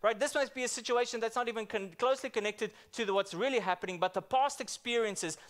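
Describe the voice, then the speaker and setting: A man's voice: extremely high pitch, quick pace, a bit bright. A man preaching a church sermon in a conversational way, often asking the congregation questions and repeating himself as he restarts. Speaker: pastor.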